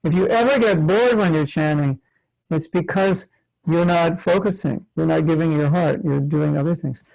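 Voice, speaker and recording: A man's voice: fairly high pitch, normal speed, creaky, darkish tone, rough recording. An older man, a spiritual teacher, leading an online workshop for children, patient and questioning, acting out examples of chanting. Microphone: video call.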